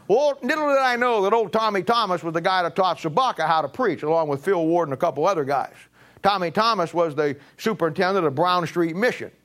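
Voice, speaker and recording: A middle-aged man preaches, recounting his own story with a voice that sits high. He swings between emphatic, pushed peaks and low, quiet passages as he drives a point home. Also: a little fast. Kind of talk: sermon testimony.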